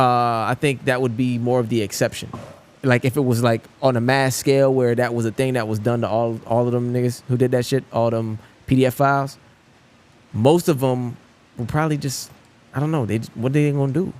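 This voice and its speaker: A man's voice: medium pitch, fairly even intonation, normal speed. Hedging man mediating a podcast debate. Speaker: podcast co-host. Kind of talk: casual chat.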